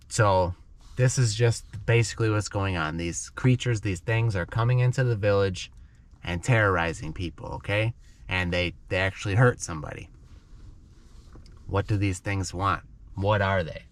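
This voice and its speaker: A man teaching English to learners by telling a dramatic story in simple words, often checking in with "okay?". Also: lowish voice.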